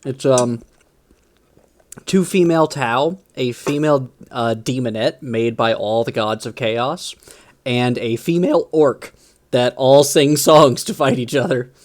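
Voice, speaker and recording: An enthusiastic man running a streamed tabletop game, chatting casually in a mid-pitched voice. He rambles and restarts often as he talks. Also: unhurried. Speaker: game master and stream host.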